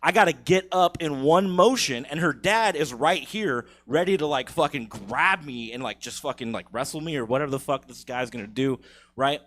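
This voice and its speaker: A young man spins a crude story for a live comedy crowd. He swears freely and laughs at his own lines. His voice is bright and forceful. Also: a little high, moderate pace. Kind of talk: profane stand-up storytelling. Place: live comedy theater stage.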